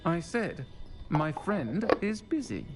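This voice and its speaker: Composed innkeeper, calm and dry, courteous, game dialogue over music. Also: female voice, fairly low pitch, takes it slowly. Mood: cool, firm. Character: composed female innkeeper, wry and protective. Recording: game audio with music behind.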